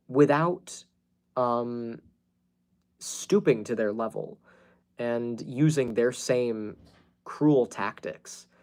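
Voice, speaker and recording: A man's voice: medium pitch, darkish tone. A man ranting casually to camera as a vlogger, blunt and frank, swearing freely and talking with many fillers and restarts. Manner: earnest and self-advising.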